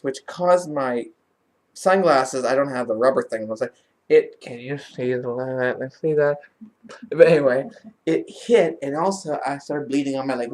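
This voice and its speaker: A woman vlogger telling a story in a casual, animated way and laughing as she talks. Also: low voice.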